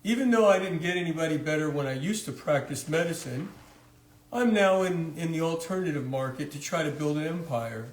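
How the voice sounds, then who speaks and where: A man voicing a slick male doctor who pitches his supplements in a smooth, salesy voice. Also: animated, a little fast, recorded from a distance, natural voice. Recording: roomy echo.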